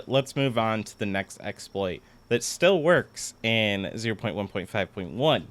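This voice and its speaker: A man's voice: medium pitch, animated, measured pace, few pauses, fairly bright tone, dry recording. A man giving casual gameplay commentary, chatty and explaining things step by step as he plays. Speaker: gaming content creator.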